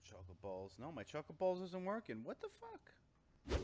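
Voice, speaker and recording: A man with a New York accent co-hosting a casual show, joking and swinging between loud and quiet. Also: a little high, wildly swooping pitch, normal speed, background noise. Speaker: co-host. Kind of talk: casual chat.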